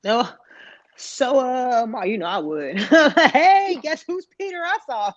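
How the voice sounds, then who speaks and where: A woman's voice: sits high, lively intonation, slow, no room sound, muffled recording. A woman co-hosting a casual podcast chat, talking in slangy, profane, rambling bursts. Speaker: podcast co-host.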